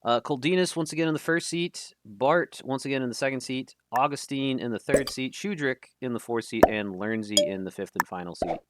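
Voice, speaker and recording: A man's voice: mid-range voice, brisk, hardly any pauses. A man casting a live game tournament stream in a casual, chatty way, often stumbling over names. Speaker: tournament caster. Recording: loud background noise.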